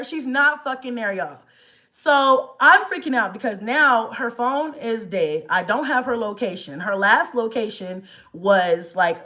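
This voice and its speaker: A woman, casually telling a storytime vlog about her child. She talks in an animated, exasperated way, swears freely and acts out the dialogue. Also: mid-range voice. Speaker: vlogger, mother.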